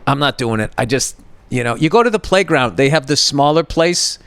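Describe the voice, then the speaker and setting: A man's voice: mid-range voice, expressive, moderate pace, gravelly, fairly bright tone, dry recording. A man in his fifties, a podcast host, telling a comedic story in a profane, exasperated rant and acting out both sides of an argument.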